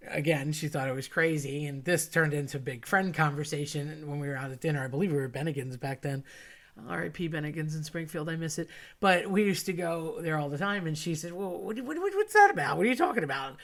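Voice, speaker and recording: A woman casually telling a personal story in a chatty, animated way, acting out the voices of the people she quotes. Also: low-pitched, brisk.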